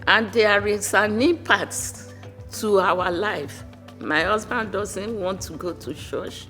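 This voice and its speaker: An older woman recalling her son in a documentary interview, speaking slowly and earnestly. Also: medium pitch, a bit bright, soft background music. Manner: slow, earnest recollection. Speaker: mother.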